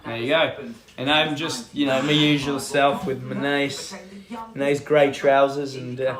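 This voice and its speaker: A man's voice: medium pitch, flat delivery, unhurried, crowd noise. A man co-hosting a casual race-watching stream while sick and coughing, joking and swearing bluntly. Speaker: stream co-host. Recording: roomy echo.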